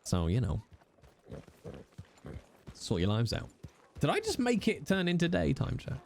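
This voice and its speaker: A man's voice: fairly high pitch, huge pitch swings, unhurried, vocal fry, darkish tone. A man, chatting casually with viewers on a live stream, jokey and teasing, with the odd swear.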